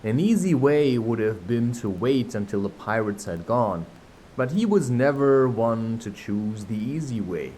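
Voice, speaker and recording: A man's voice: mid-range voice, very animated, a little mellow, a little hiss or hum, low-quality recording. A man reading a classic children's novel aloud, breaking off now and then for chatty, self-mocking asides. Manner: unhurried, chatty asides, laughs at himself. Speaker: audiobook reader.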